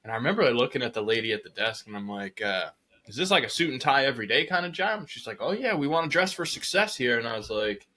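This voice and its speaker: A man hosts a podcast about sales, talking in a relaxed, loose way. His voice is bright and forward, and he salts his stories with casual swearing while acting out the people in them. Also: medium pitch, fast. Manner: laid-back, swears casually, acts out quoted voices. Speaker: podcast host. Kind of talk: casual chat.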